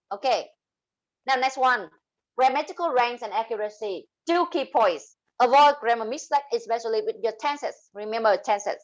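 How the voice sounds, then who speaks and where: A woman with a Vietnamese accent teaching an English speaking class, explaining terms and slowly modeling example sentences. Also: fairly high pitch, rough recording. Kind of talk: online class lesson.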